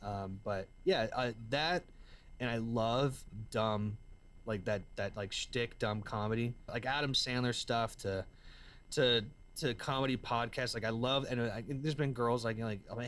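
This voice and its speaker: As an interview guest, a Southern musician and entrepreneur recounts stories in casual slang at a moderate pace. His voice is mid-range. He's an excitable talker fond of saying "man" and "dude."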